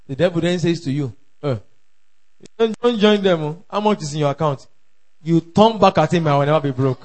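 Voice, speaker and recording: A man delivers a sermon in a high, ringing voice. He is fervent, repeats his declarations, and often rises to a shout and breaks into laughter. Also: expressive, fairly quick. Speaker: pastor.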